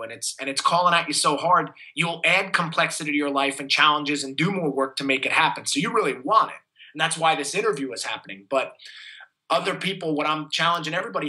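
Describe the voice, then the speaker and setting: A man's voice: a little high, fast talker, pushed and bright, low-quality recording. A man, giving an enthusiastic, motivational interview as a fitness coach. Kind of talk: energetic interview talk.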